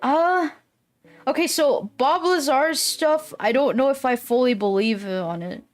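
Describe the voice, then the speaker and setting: A woman's voice: high-pitched, unhurried, faint music behind. A woman streamer chatting casually with her viewers. She rambles, swears often and laughs easily. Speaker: live streamer. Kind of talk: casual live-stream chat.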